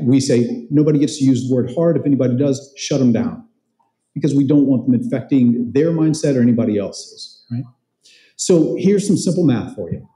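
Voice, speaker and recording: A man's voice: mid-range voice, warm tone. A man giving a motivational talk at a conference, chatting with the audience and telling stories. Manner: conversational, quizzes the crowd, tells stories. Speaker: conference speaker and real estate trainer. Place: large event hall. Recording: roomy echo of an event hall.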